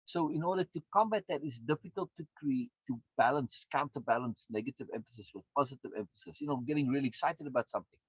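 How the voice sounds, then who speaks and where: A man's voice: mid-range voice, fast talker, hardly any pauses, slightly rough, no room sound. A man, a course instructor and coach, giving a recorded lecture in an emphatic way, repeating words and often adding tag questions. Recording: dull, dry lo-fi sound.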